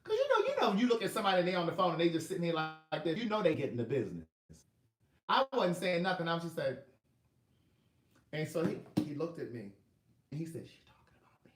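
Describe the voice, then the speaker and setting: A middle-aged male author telling a personal story in a lively, laughing way, acting out quotes. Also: on the high side, fast talker, pauses often. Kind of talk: storytelling monologue. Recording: roomy echo.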